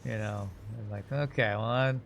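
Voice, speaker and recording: A man's voice: on the low side, fairly even intonation, normal speed, vocal fry, slight background noise. Man thinking aloud on a game stream. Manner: rambling, thinks aloud, self-mocking. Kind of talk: casual live-stream commentary while playing.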